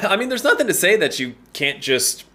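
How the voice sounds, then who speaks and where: A man's voice: high-pitched, very animated, normal speed, heavy background noise. A man hosting a casual chat podcast, talking in a laid-back, rambling way and laughing often. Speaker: podcast host.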